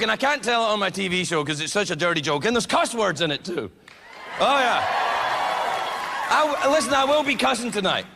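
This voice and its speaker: A man performing a stand-up comedy set on stage, animated and loud, shouting punchlines and slipping into mock voices. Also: high-pitched, normal speed, gravelly, pauses often. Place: large theatre with a live audience. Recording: live show with loud crowd noise.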